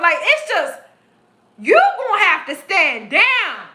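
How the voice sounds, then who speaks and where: A woman's voice: very high-pitched, very animated, takes it slowly, bright, forceful tone. A woman tarot reader on a live stream, ranting in an aggressive, profane, preachy way. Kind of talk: live-stream spiritual rant. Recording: echoey room.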